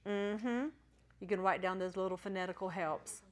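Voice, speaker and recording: A woman teaching a church class, patiently spelling out letters and sounding out syllables slowly. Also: medium pitch. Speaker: Bible Greek teacher.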